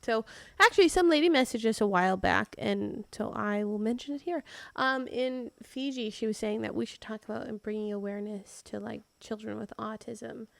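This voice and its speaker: A woman co-hosting a podcast, chatting casually and telling animated stories, often laughing. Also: a little high, moderate pace, creaky, hardly any pauses, no room sound. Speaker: podcast co-host. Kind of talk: casual chat.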